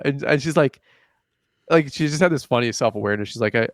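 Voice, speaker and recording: Casting: young male podcast host, smooth clear voice, dry close mic, animated storyteller. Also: a little high, fast, dry recording. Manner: animated storyteller, acts out dialogue, says "like" often. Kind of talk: casual chat.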